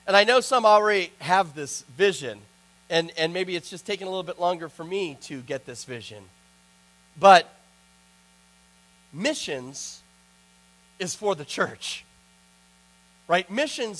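A man's voice: high-pitched, a bit bright, rough recording. A man preaching a sermon as pastor, earnest and building to emphatic points.

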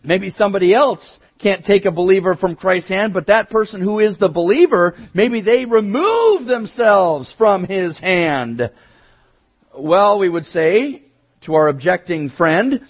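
A male pastor preaching a sermon, moving from quiet asides to emphatic raised declarations. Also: high voice, lively intonation, a little slow, lo-fi sound.

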